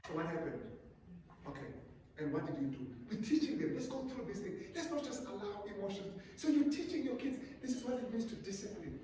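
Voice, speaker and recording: A South African man with an isiXhosa-speaking accent, preaching to couples at a retreat in an animated way, often repeating his words. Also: high voice, brisk, a little hiss or hum. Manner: animated, repeats words, mimics a parent calming a child. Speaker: pastor. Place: conference room at a resort. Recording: roomy hall, voice from far off.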